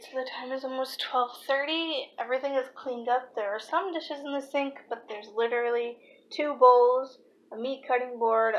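A young woman talking casually to camera in a home vlog, chatty and pausing to search for words. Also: a little high. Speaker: vlogger. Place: home, kitchen. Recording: noisy home ambience.

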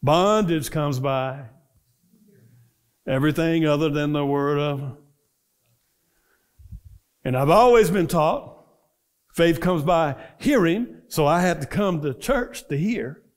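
A male minister with a fairly high voice, preaching at a church service. He tells stories in a loose, conversational way, keeps asking the congregation questions and waits for their answers, then rises into fervent preaching. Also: slow, pauses often. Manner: quizzes the congregation with call-and-response questions; builds from relaxed storytelling to fervent preaching. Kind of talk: conversational sermon.

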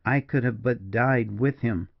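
A man's voice: mid-range voice, gravelly, no room sound. A man as a mournful frontier major. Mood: grim. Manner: slow, mournful, measured. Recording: dull, dry lo-fi recording.

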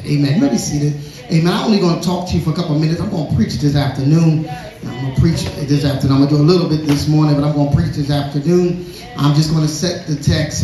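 In an echoey church sanctuary, a man preaches a sermon, reading scripture, repeating words for emphasis, and calling on the congregation to respond. His voice is a little high with a darkish tone.

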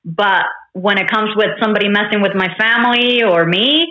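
Woman from Honduras, podcast guest, bright forceful voice, earnest. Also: medium pitch, normal speed, poor audio. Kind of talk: casual interview chat.

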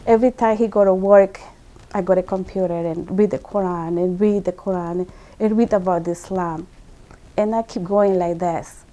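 A woman's voice: lowish voice, fairly even intonation, normal speed, dark tone. Earnest woman in simple non-native English. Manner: earnest and emotional, repeats words for emphasis. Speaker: guest telling her conversion story. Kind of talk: personal testimony storytelling.

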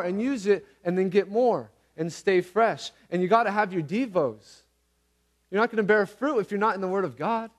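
A man preaching a casual, conversational sermon, earnest and repeating phrases for emphasis, with everyday slang. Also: high-pitched. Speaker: pastor.

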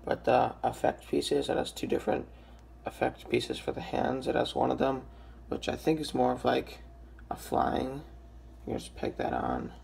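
A young man with a raspy, just-woken-up voice, casually reviewing a toy with lots of ums and restarts. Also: medium pitch, little pitch movement, moderate pace, darkish tone, slight background noise. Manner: hesitant, many ums and restarts.

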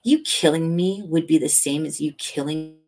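A woman reading the lines of a smug, menacing grown man who taunts calmly and matter-of-factly. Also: sits low, moderate pace.

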